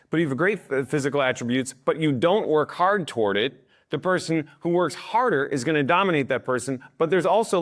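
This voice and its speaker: Animated man who keeps asking "okay?". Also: on the high side. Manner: acts out other people's voices, often asks "Okay?". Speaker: speaker on influence and leadership. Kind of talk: lively talk to a live audience.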